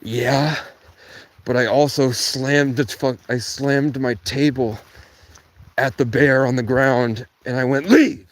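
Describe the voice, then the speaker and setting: A man's voice: medium pitch, steady tone, slow. Rambling man livestreaming outdoors at night. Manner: rambling, swearing, talks to chat, bursts into song and sudden shouts. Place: outdoors at a tent in cold rain.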